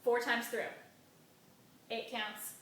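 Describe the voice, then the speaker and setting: A woman's voice: a little high, little pitch movement, takes it slowly, fairly bright tone. Upbeat woman teacher chanting grammar syllables. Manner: upbeat and encouraging, chanting syllables and clapping beats. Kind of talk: classroom-style grammar lesson. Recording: very echoey room, mic at a distance.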